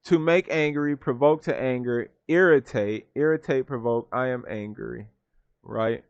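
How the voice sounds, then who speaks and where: A man leads a Bible study from home, reading verses aloud and breaking words down one by one. His voice sits at a middle pitch. The recording is dry and a little dull. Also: measured pace, smooth, no echo. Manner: reads verses then defines words, repeats "right?". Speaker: Bible teacher. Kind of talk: scripture study talk.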